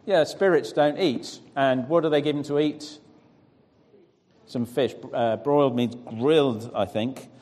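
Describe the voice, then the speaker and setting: A man's voice: mid-range voice, measured pace, a little mellow. Man reading scripture in an echoing hall. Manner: questioning the audience, encouraging. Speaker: preacher. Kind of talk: scripture reading and interactive teaching. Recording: long reverb of a large hall.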